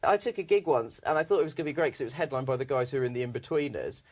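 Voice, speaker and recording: A man, a stand-up comedian on a comedy panel show, telling a comic anecdote in animated, quick bursts. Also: mid-range voice.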